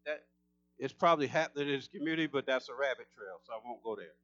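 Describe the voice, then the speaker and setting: A man preaching a sermon, fervent and emphatic, his voice climbing higher as he gets excited. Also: fast talker, no room sound, highs cut off.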